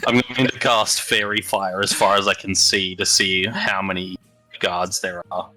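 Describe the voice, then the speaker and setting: A man playing a tabletop game, deliberately describing what his character does. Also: low voice, little pitch movement, sharp tone, faint music behind, rough recording. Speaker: player. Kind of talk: casual tabletop play.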